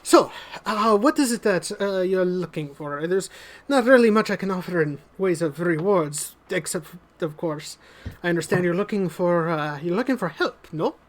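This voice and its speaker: A man's voice: sits high, lively intonation, moderate pace. A man voicing a welcoming aristocratic lord who repeats himself and tags questions with "no?". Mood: courteous. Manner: effusive, repeats words, ends questions with "no?". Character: welcoming aristocratic male lord, eager host.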